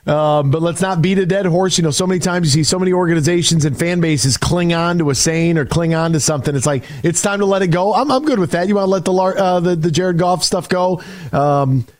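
A man hosting a call-in sports radio show, talking in an energetic, rambling way with frequent restarts. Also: sits high, fairly quick, dry recording, clean studio sound.

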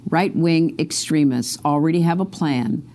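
A woman's voice: sits low, moderate pace, warm tone. A woman politician giving a prepared video address in an earnest, urgent manner.

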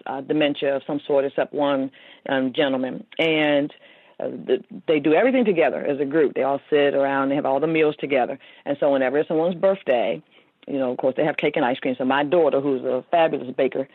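A woman's voice: low-pitched, no room sound. A woman in her fifties tells a personal story as an interview guest, heartfelt and meandering, full of fillers and restarts. Her voice comes through a tinny, phone-like line, dry and close with no room sound. She talks rather than performs. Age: 50s. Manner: heartfelt, rambling, many fillers. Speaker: guest author.

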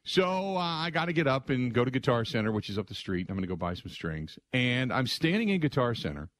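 A middle-aged man hosting a sports radio show, telling stories in an excitable, conversational way and acting out other people's lines. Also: mid-range voice, a little fast, dry recording. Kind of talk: animated storytelling monologue.

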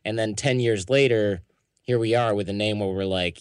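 American guest, frank and opinionated, low tone, dead-dry room. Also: male voice, normal speed, clean tone, no echo. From United States. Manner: candid, opinionated, acts out quotes. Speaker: podcast founder, guest. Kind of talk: casual interview answers.

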